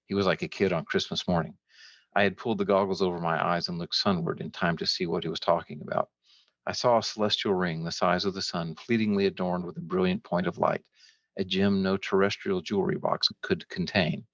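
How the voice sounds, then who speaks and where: Low gravelly older man reading. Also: dry recording, dull audio. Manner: measured, steady reading. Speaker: author. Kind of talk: reading from his novel.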